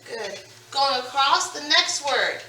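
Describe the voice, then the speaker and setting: A woman teaching a phonics lesson in an upbeat, chatty way, slowly modeling words for her class. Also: high voice, animated, bright, forceful tone, distant mic. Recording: echoey room, voice a bit off-mic.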